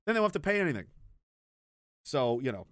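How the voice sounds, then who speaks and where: A young man, speaking in a fairly high, smooth, resonant voice. It sounds dry and close, with no room echo. He rants bluntly and profanely as a streamer, trailing off and restarting his sentences. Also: big pitch swings, fast, fairly bright tone. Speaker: streamer and military veteran. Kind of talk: casual unscripted rant.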